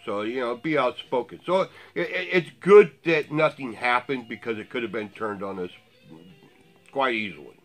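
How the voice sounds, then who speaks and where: A man's voice: medium pitch, moderate pace, soft background music. A man ranting in blunt, profane, sarcastic commentary to his viewers. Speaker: vlogger.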